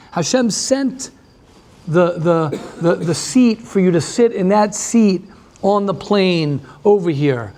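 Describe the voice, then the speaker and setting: A man who is a rabbi giving a lively class, repeating himself and restarting often as he talks with the audience. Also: sits high.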